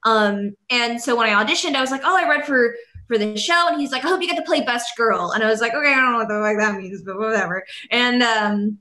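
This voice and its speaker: A woman voice actress and director telling a lively anecdote and acting out quotes. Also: fairly high pitch, fast talker. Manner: lively storyteller, acts out quotes. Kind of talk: casual anecdote. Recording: echoey room.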